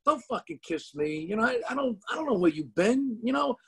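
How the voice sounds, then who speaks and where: A middle-aged comedian with a New Jersey accent, talking bluntly and profanely in a casual interview over a video call. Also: male voice, extremely high pitch, very animated, fairly quick, slightly rough. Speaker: comedian guest.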